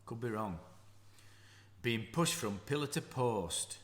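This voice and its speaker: A man who is a damp and mould specialist, reading out a news story and commenting on it in unhurried asides with frequent self-corrections. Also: medium pitch, lively intonation, a bit bright, a little hiss or hum. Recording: roomy echo.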